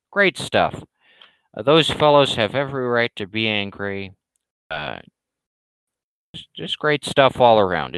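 A man's voice: fairly low pitch, a bit bright, clean tone, dry recording, poor audio. A man rambling through casual livestream talk, hesitant and full of restarts as he answers viewer questions. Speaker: streamer and comic creator.

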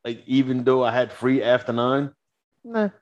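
A man's voice: medium pitch, moderate pace, dry recording, muffled recording. A man in his forties co-hosting a podcast, telling profane stories in a casual chat and acting out the voices of the people in them. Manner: animated, profane, acts out voices in anecdotes. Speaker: podcast co-host.

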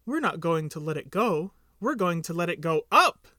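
A man doing a slow, gentle bear. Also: fairly high pitch, very animated, dry recording, clean studio sound. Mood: musing.

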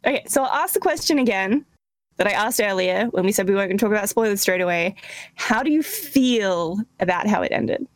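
A woman's voice: medium pitch, expressive, fairly quick, dry recording, rough recording. A woman co-hosting a podcast in casual chat, making wry, teasing asides. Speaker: podcast co-host.

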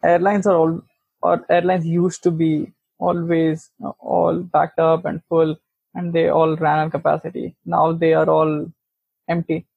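Gravelly flat-voiced man on a phone-like line. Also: a little high, dry recording. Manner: blunt, unhurried, wry remarks. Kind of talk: casual chat. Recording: phone-like dry recording.

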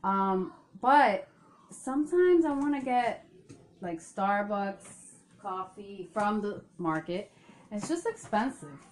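A woman's voice: mid-range voice, expressive, takes it slowly, a little hiss or hum. A woman hosting a podcast, chatting casually and joking, teasing and laughing often while addressing listeners. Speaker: podcast host. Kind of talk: casual chat.

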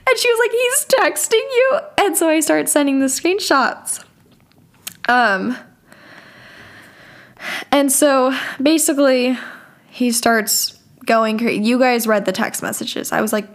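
A young woman hosting a podcast, telling a story in a candid, casual way, laughing often and swearing freely. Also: fairly high pitch. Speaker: podcast host.

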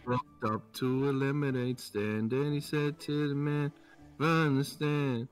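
A man's voice: mid-range voice, steady tone, a little slow, faint music behind. A man chatting as a live-stream guest, crude and goofy, swearing freely and doing silly bits. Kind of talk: casual group chat on a live stream.

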